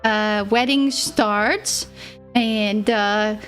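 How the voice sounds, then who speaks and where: Young woman, VTuber, rambling casual storytelling, playful self-mockery, frequent giggles, slow easy delivery. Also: medium pitch, steady tone, a bit bright, faint music behind. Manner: giggly and rambling, laughs often between phrases. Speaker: VTuber streamer. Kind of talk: casual storytelling to a live chat.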